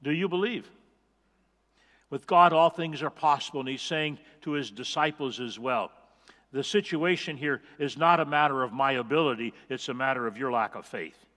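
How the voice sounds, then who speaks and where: A man's voice: medium pitch, normal speed, sharp tone, in a large hall. A male pastor preaching a sermon, earnest and emphatic, repeating key phrases for weight. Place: church sanctuary.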